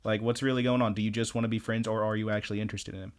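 A man's voice: lowish voice, level tone, very fast. A young man co-hosting a podcast, recapping an anime in casual, rambling chat and laughing often. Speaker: podcast co-host.

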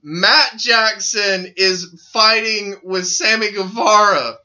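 Excited podcast co-host, bright tone, slightly dull lo-fi sound, acts out quotes with laughter. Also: male voice, sits high, slow. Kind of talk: excited casual wrestling chat.

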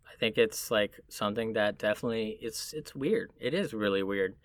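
A man from Puerto Rico in casual conversation, chatty and quick to laugh as he tells stories. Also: lowish voice, dry recording. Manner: chatty, animated storytelling, laughs easily.

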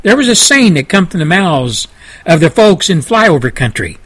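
An older man hosting a radio show, delivering a fiery, preachy monologue with swings between loud and low intensity. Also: big pitch swings, moderate pace, breathy edge, low-quality recording. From Southern United States.

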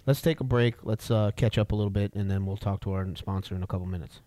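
A man's voice: fairly low pitch, quick pace, warm tone, dry recording. A man hosting a casual radio talk show, easygoing and full of fillers like "uh" and "you know.". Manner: easygoing, filler-heavy, encouraging.

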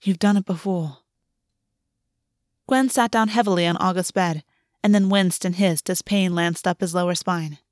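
A woman narrating a fantasy story in a measured, expressive way. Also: fairly low pitch, no room sound, studio quality. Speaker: audiobook reader.

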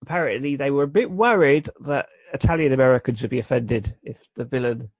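A British man co-hosts a podcast, chatting casually and rambling enthusiastically as he explains a cartoon. His mid-range voice is husky and a little fast, with no echo, captured in a dull, dry, lo-fi recording.

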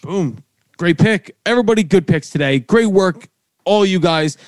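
A man hosting a podcast in casual, profane chat, telling stories with a slightly higher pitch than his cohosts. The sound is dry and close, with no room echo. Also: lively intonation, moderate pace. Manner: profane, storytelling. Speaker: podcast host.

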